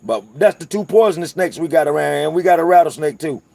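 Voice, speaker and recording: A man's voice: fairly high pitch, fast talker, creaky, mellow, no echo. A man from North Carolina with a Southern accent, chatting casually and profanely to his viewers as host of his channel, rambling through stories. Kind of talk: casual livestream chat.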